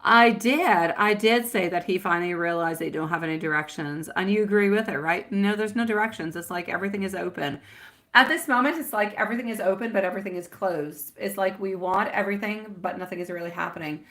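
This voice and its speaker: Woman, live tarot host, bright voice, giggly and chatty with viewers. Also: medium pitch, fast talker. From France. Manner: giggly, chatty, calls viewers sweetie and my love. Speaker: tarot reader hosting a live stream. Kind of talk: live tarot reading chat.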